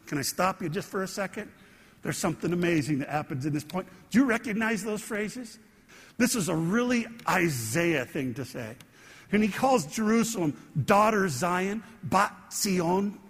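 A male pastor with a high, husky voice delivers a sermon to his congregation. He preaches conversationally and keeps asking the room questions. His voice rings with the long reverb of a church hall. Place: church sanctuary.

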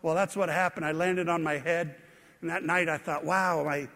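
A man's voice: fairly high pitch, fairly even intonation, normal speed, pushed and bright, in a large hall. A man preaching a sermon, telling stories about his own falls with self-deprecating humor. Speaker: pastor.

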